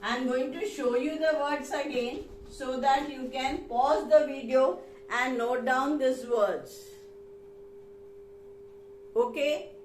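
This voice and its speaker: Slow, high-voiced teacher. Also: female voice, reverberant, slight background noise, poor audio. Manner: slow, deliberate, repeats key words, switches into Hindi to explain. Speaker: English teacher. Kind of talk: grammar lesson.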